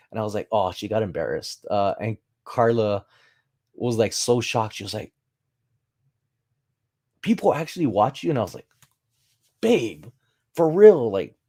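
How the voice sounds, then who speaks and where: A man with a fairly low voice hosts a relaxed livestream. He wanders through stories, playing out both sides of remembered conversations, then breaks off to scroll through and answer viewer chat. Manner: rambling anecdotes, acts out quoted exchanges. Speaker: livestream host.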